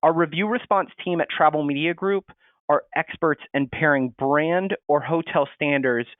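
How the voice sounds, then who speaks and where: A man's voice: a little high, moderate pace, dry recording. Man presenting over tinny audio. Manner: steady, explanatory, reads sample replies aloud. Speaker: marketing presenter. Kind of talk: webinar presentation. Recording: tinny phone-like audio, dry.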